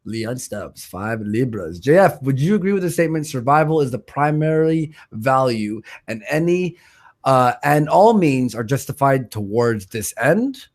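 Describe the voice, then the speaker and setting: A man's voice: medium pitch, very animated, measured pace. Casual man reading stream donations. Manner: loose and joking, stumbling over viewer names. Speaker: stream host.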